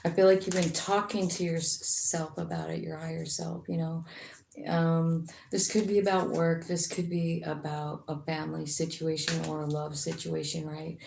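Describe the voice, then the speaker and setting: A woman's voice: low-pitched, little pitch movement, moderate pace, vocal fry, a little mellow. A woman giving a casual, rambling tarot reading, chatty, with frequent fillers and some swearing. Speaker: tarot reader. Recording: echoey room with faint noise.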